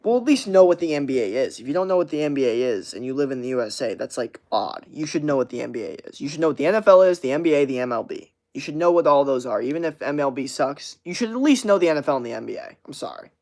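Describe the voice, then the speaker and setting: A man's voice: mid-range voice, animated, quick pace, few pauses, a little mellow. A man hosting a casual livestream, chatting loosely with lots of slang, swearing and filler words while reading viewer chat aloud. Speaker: livestream host.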